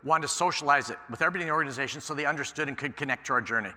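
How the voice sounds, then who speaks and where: A man giving a conference keynote, telling stories in an animated way and acting out the dialogue. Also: fairly high pitch, very fast. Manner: animated storyteller, acts out quoted exchanges. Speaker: keynote speaker. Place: large conference hall. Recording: echoey hall sound.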